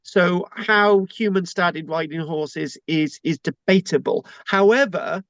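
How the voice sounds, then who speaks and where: A man's voice: sits high, slow, a bit bright, dry recording, lo-fi sound. A British man hosting an informal online lecture, chatty and joking, often restarting his sentences, over a video call. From Britain.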